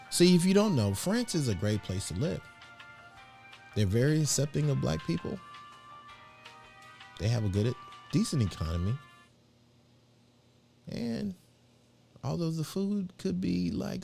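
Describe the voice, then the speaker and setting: A middle-aged man hosts a casual live show, rambling in slangy, filler-heavy talk. His voice is gravelly, and his pitch swings widely from low mutters to high asides. Faint music plays behind him. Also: mellow. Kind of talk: casual livestream chat.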